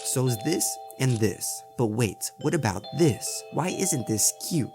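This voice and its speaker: A man's voice: medium pitch, animated, measured pace, vocal fry. A man giving a scripted video essay narration that is full of rhetorical questions. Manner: asks many rhetorical questions. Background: background music.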